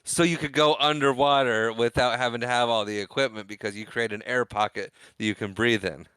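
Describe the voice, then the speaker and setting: A man's voice: medium pitch, steady tone, brisk, fairly bright tone, clear, resonant tone, no echo. A man co-hosting a podcast, adding short comments and questions in casual chat. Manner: short, dry interjections and questions. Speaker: podcast co-host.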